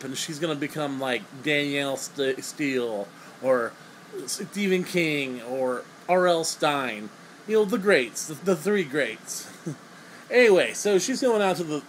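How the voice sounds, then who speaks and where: A young man with a slightly high voice rambles through a crude, sarcastic movie review. He swears freely and stumbles over repeated words. A faint air-conditioner hum runs underneath. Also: low-quality recording.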